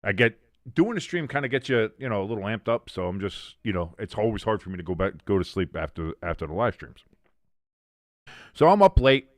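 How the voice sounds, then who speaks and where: A man's voice: on the low side, big pitch swings, a little fast, no echo, studio quality. Chatty man streaming a game. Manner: rambling, chatty, many restarts. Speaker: watch-along streamer host. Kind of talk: casual live-stream chat and play-by-play.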